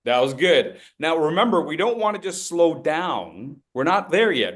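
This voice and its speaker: A man's voice: a little high, very animated, moderate pace, hardly any pauses, fairly bright tone. A man presenting a public speaking workshop, joking with the audience and leading group drills. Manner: playful, jokey, leads group drills.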